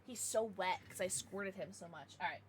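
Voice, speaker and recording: A woman's voice: mid-range voice, moderate pace, slight background noise. A woman livestreaming, chatting casually with her viewers in a bubbly, giggly way with playful baby-talk asides.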